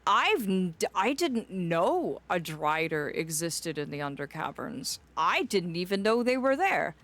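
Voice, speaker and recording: Her voice sits lowish and sing-song, moving at a measured pace with a fairly bright tone. She's a young woman streaming live in a fae persona, playing it theatrically and warmly addressing her viewers as "my dear."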